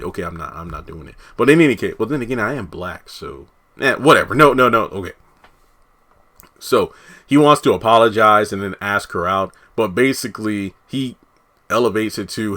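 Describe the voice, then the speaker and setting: A man's voice: on the low side, lively intonation, normal speed, bright, forceful tone. A man, a TV reviewer, casually recapping an episode, rambling and correcting himself as he quotes the characters.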